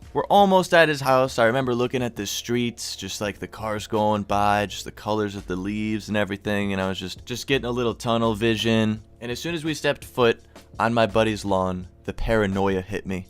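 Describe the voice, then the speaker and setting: Profane young stoner vlogger. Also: male voice, lowish voice. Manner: loose, profane, stoner slang. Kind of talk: casual storytime commentary.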